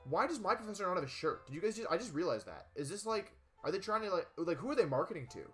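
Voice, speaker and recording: An excitable young man talks through a video game in a casual let's play, full of jokey asides. His voice is bright and slightly high for a man, with lively swings in pitch. Faint game music plays behind him. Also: fast talker.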